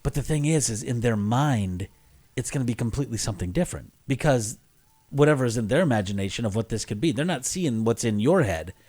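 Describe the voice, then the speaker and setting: A man's voice: mid-range voice, animated, fairly quick, a little mellow, slightly rough. Male co-host, mid-range voice, casual hesitant talk. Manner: hesitant, fills with "uh" and "um". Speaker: podcast co-host. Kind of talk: casual chat.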